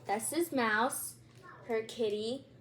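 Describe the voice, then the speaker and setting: A woman's voice: fairly high pitch, takes it slowly, slight background noise. A woman hosting her channel and reading a children's book aloud, with chatty asides and a few stumbles. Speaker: channel host, read-aloud reader.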